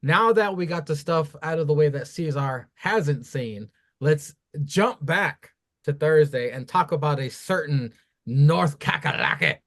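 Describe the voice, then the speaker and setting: A man co-hosting a casual wrestling review podcast, talking in a profane, animated, rambling way. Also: fairly high pitch, a little slow. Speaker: podcast co-host.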